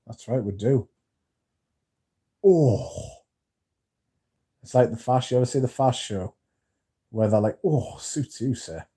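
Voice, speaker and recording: A man's voice: medium pitch, slow, pauses often, warm tone, husky. A man hosting a casual livestream, reading viewer comments aloud and swearing freely as he chats. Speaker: livestream host reading chat. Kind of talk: casual livestream chat about perfume.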